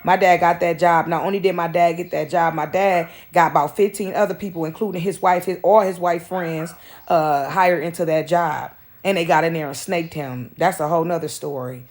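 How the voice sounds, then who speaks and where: A woman's voice: lowish voice, fairly even intonation, normal speed, darkish tone. A woman telling a personal story in a casual vlog, talking straight to her listeners and drifting into side stories. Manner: rambling, addresses listeners as y'all, drifts into asides.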